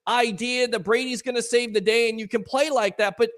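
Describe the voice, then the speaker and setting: A man's voice: very high voice, fairly even intonation, a little fast, a bit bright. A male sports talk host taking callers after a loss, frustrated and emphatic, firing off rhetorical questions. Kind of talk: call-in sports talk show.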